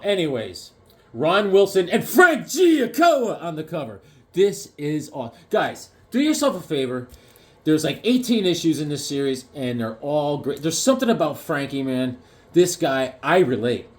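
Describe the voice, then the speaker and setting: A man chats through his comic collection, swinging between rambling anecdotes and deadpan punchlines. His voice sits a bit higher than most men's and moves around a lot, giving his show-and-tell a lively, animated feel. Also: a little slow. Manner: rambling joke-telling storyteller, punchlines. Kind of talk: casual show-and-tell with jokes.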